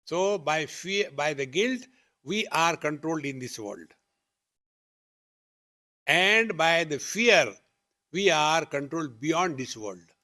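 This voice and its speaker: At a retreat hall, a spiritual teacher gives a discourse in a somewhat high male voice, speaking slowly with frequent pauses. He tells stories with lively energy and acts out both sides of each exchange, his questions rising as he goes.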